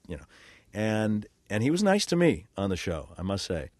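A man's voice: on the low side, very animated, fairly quick, no room sound. An older man, a working actor, telling rambling, self-deprecating stories in a casual interview, with lots of fillers and restarts. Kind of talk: casual interview talk, storytelling.

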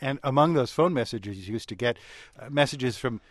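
A man's voice: medium pitch, brisk, no room sound, studio quality. A man hosting an interview, prompting his guest with leading questions and wry asides. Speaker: radio interviewer host.

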